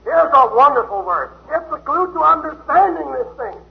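High gravelly fervent preacher, muffled old recording. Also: male voice, expressive, moderate pace. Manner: fervent, repeats phrases, swings from loud to hushed. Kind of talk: revival sermon. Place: church revival meeting.

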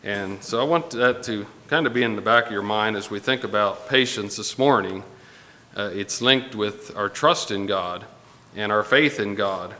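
A man's voice: lowish voice, bright, forceful tone. Man preaching in an echoing church. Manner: unhurried, pausing with fillers, reading scripture aloud. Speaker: pastor. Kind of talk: sermon. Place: church sanctuary. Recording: long hall reverb with faint ambience.

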